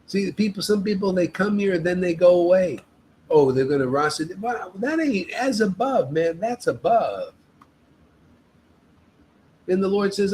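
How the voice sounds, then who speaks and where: A man giving a loose, exhorting spiritual talk at a devotional gathering, pressing his listeners with emphatic, repeated calls. His voice sits a little high for a man. A faint hiss runs under the recording. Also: lively intonation, a little slow, darkish tone, low-quality recording. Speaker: devotional meetup leader.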